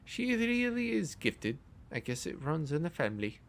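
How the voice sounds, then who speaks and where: A man voicing an overworked, grumbling female nurse in a high falsetto with a put-on Russian accent. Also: sing-song, moderate pace.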